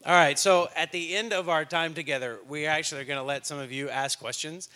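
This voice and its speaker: A man's voice: a little high, fairly even intonation, fairly quick, bright, forceful tone. A man hosting a casual interview, setting it up and prompting his guest in an upbeat, friendly way.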